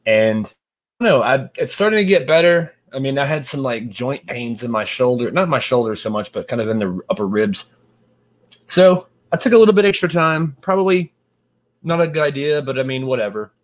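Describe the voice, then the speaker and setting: A man co-hosting a podcast in loose, rambling chat. His voice sits at an ordinary middle pitch, and he talks with frequent fillers and restarts. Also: animated, brisk. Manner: rambling, hesitant with many fillers. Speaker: podcast co-host. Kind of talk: casual chat.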